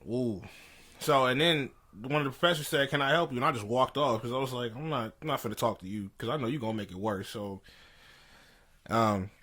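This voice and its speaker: A man's voice: mid-range voice, a little fast, bright, forceful tone. A young man co-hosting a podcast, telling a story in casual slangy chat and laughing as he goes. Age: young adult. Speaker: podcast co-host. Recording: poor audio.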